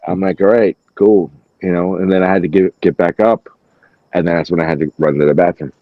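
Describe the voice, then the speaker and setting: A podcast host chats casually and tells a story, animatedly acting out quotes and swearing frequently. His voice sits low and moves at a quick pace. The recording is dry and muffled.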